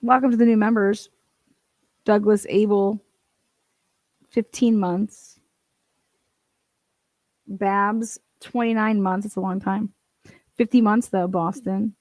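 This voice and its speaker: Woman streamer ranting casually, blunt and kinda disbelieving, average pitch, dead dry sound. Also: steady tone, slow pace, pauses often, a little mellow, dry recording. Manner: incredulous, profane, blunt. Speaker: livestream commentary host. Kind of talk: casual commentary chat.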